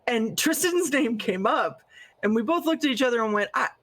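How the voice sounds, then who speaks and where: A woman's voice: a little high, animated, moderate pace. A woman playing on a live-stream show, chatting playfully and laughing. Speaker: player on the show. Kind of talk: casual live-stream chat.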